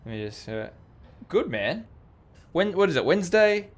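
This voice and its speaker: A man's voice: high voice, sing-song, moderate pace. Chatty man streaming a game. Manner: chatty, laughs often, talks to viewers. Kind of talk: casual live-stream chat.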